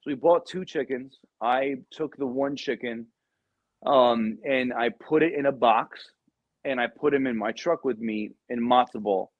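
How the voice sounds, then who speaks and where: A man's voice: medium pitch, a little slow, no echo. A man who is a Marine veteran and podcast guest, telling casual, profane stories with many ums. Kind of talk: casual storytelling. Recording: dull, dry lo-fi recording.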